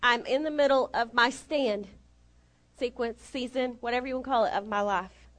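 A middle-aged woman giving a storytelling sermon, animated and self-deprecating, acting out the dialogue. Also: fairly high pitch, normal speed. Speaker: lay preacher.

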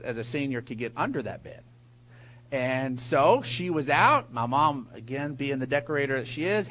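A middle-aged man preaching a sermon, telling a lively personal story before building to emphatic preaching. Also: mid-range voice, poor audio. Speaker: pastor.

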